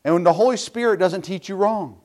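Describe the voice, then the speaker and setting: A man's voice: high voice, a little fast, a little mellow. A middle-aged pastor preaching a sermon in a folksy, self-deprecating way, with asides to his congregation.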